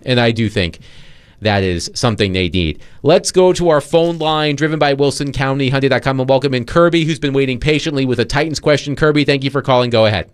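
Measured male sports radio host. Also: medium pitch, clear, resonant tone. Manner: measured, analytical, hedging.

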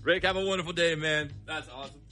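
A man's voice: fairly high pitch, fast talker, pushed and bright, faint music behind. A man hosting a morning radio call-in show, upbeat and encouraging with the callers.

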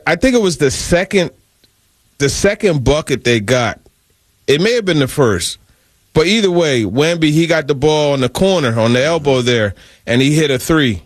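A man co-hosting a sports radio show, talking basketball in an animated, emphatic way and often repeating his words. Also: on the high side, normal speed, long pauses, no room sound. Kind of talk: casual sports talk.

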